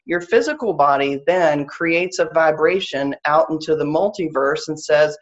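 A woman's voice: low voice, normal speed, hardly any pauses, dull audio. A woman with a Southern US accent teaching a live online class on spiritual practice, earnest and explanatory, repeating her key phrases.

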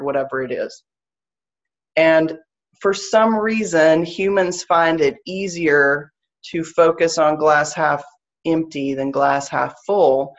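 In this lo-fi recording, a woman with a Southern US accent speaks in a low, slow voice while teaching a live online class on spiritual practice. She sounds earnest and explanatory, and she repeats her key phrases.

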